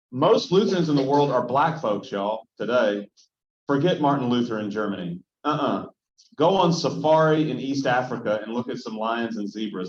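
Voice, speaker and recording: A male pastor teaching a casual Bible study, talking conversationally and often checking in with his listeners. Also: mid-range voice. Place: church hall. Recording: roomy, dull lo-fi room sound.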